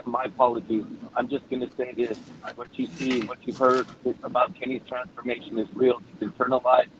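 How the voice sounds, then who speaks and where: A man's voice: mid-range voice, dull audio, a little hiss or hum. A man giving an emotional, earnest statement of support at a parole hearing, speaking by phone. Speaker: public commenter at parole hearing.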